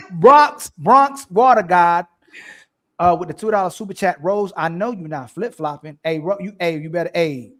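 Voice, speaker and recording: A man with a fairly high voice hosts a livestream debate. He is loud and emphatic, repeating his points and cutting across the others. His delivery stays forceful and insistent. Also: moderate pace. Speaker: livestream show host. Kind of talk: heated casual debate.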